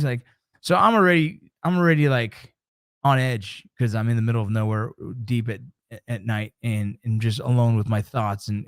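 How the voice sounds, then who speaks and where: A middle-aged man hosting his show, telling a story in a casual, animated way, swearing often and acting out his own reactions. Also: mid-range voice, no echo, clean studio sound. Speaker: show host.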